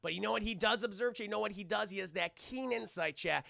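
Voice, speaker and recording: Gravelly-voiced man recapping a film to chat. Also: high-pitched, fast, bright, forceful tone, no echo, clean studio sound. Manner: profane, rambling, addresses chat constantly. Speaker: streamer host.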